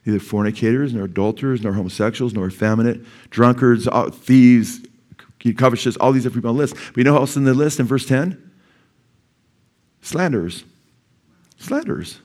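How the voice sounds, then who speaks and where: A man's voice: medium pitch, fairly even intonation, quick pace, a little mellow. A man preaching a sermon as pastor, earnest and urgent, with sudden emphatic rises in his voice. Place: church sanctuary.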